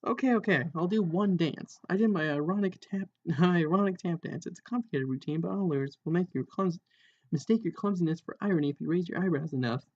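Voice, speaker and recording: A man reads a parody novel aloud in a dry, amused way, stopping for asides. His voice sits a little high. The recording is dull and lo-fi. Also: fast talker, a little mellow. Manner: dry, amused, breaks into laughter at jokes. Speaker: reader.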